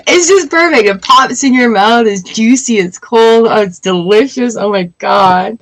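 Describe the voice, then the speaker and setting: A woman in her forties chatting casually on a tarot livestream, emotional and quick to laugh. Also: a little high, poor audio. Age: 40s. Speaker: tarot reader.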